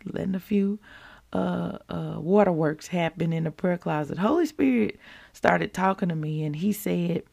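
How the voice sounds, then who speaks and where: Woman sharing a devotional, real gravelly and husky, teary and earnest. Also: on the low side, a little mellow. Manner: emotional, earnest, repeats phrases, addresses listeners as y'all. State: teary, close to crying. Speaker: Christian speaker sharing a devotional. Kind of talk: informal devotional talk.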